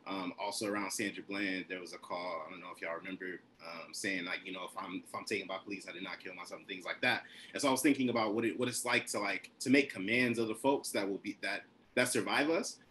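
A man's voice: sits low, fast talker, pushed and bright, a little hiss or hum. A man performing his poem at an online reading, in rhythmic, repeated questions that build in intensity. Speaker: poet reading his work. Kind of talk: poetry reading with spoken introduction. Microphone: video call.

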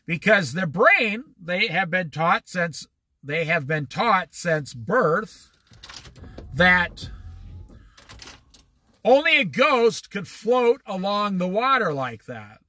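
A man leads a relaxed Bible study, reading scripture and unpacking it as if talking with friends. His voice sits high and swoops widely, and he takes his time. The sound is dry and close. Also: no echo. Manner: conversational, reads verses then explains them, acts out quotes. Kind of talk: informal Bible study commentary. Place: on the Oregon coast.

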